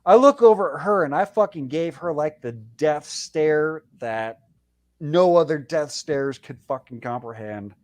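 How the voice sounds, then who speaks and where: A man's voice: a little high, lively intonation, unhurried. A man calling in to a live show, telling a heated personal story with constant swearing. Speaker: caller. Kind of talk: casual call-in storytelling.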